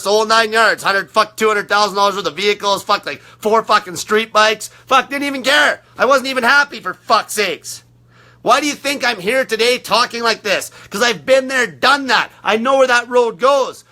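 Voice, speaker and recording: In his thirties, a man delivers a profane motivational rant to his diet group, swearing almost every sentence and repeating the same phrases relentlessly. His very high voice is sharp, pushed, and bright, blunt and aggressive throughout.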